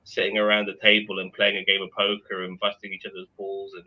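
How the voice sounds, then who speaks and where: A man's voice: lowish voice, completely flat delivery, fast talker, muffled recording. A man chatting enthusiastically and at some rambling length on a live panel. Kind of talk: casual live panel chat.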